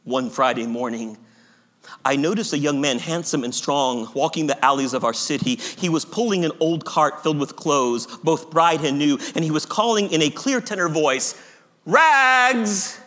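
A man giving an expressive, dramatic story reading, swinging from urgent and loud to hushed and slow. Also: fairly high pitch. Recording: long hall reverb.

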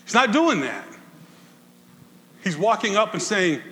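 A male pastor preaching a conversational sermon to his congregation, swinging from loud bursts to quiet asides. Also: a little slow, long reverb tail. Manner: conversational preaching, animated swings in pitch and volume.

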